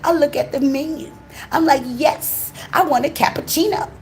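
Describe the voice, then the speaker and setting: A woman from the USA, hosting her channel and telling a casual story in a blunt, profane, expressive way straight to her viewers. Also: high-pitched, normal speed, a little hiss or hum. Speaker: channel host.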